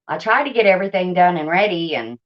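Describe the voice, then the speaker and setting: A woman's voice: on the low side, expressive, fast, highs cut off. A woman hosting a casual live stream from home, chatting and greeting viewers by name with frequent laughter. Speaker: livestream host. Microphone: tablet.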